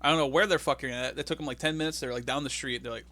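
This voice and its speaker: Bright-voiced man joking through a recap. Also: medium pitch, rapid-fire, dry recording. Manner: animated, acts out scenes with silly voices. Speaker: podcast co-host. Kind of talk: casual comedic recap chat.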